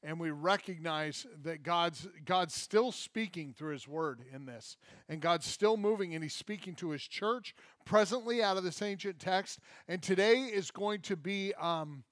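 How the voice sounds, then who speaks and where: A man preaching a sermon as pastor, telling a funny story from childhood with lively acted-out quotes. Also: sits high, measured pace, no room sound, clean studio sound. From Michigan. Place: church.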